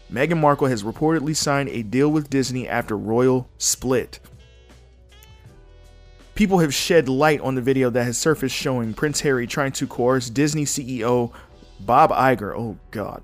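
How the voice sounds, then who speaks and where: Young guy doing a solo podcast, blunt opinions, reads articles out loud and breaks in a lot, mid pitch. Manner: blunt and opinionated, reading articles aloud with asides. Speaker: podcast host. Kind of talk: casual solo commentary.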